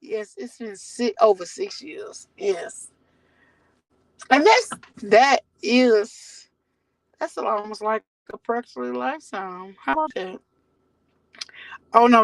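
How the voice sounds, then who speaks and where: High-voiced woman telling stories, animated and profane. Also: a little slow, vocal fry, dry recording, rough recording. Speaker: vlogger. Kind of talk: casual storytelling to viewers. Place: in a car.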